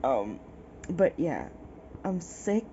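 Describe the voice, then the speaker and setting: A woman's voice: low-pitched, very animated, extremely slow, warm tone, a little hiss or hum. A sick, sniffling woman rants in exasperation about a book in a casual vlog, talking from her bed. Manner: exasperated, ranting, sighing. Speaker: book vlogger. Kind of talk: casual reading vlog rant. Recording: dull lo-fi recording.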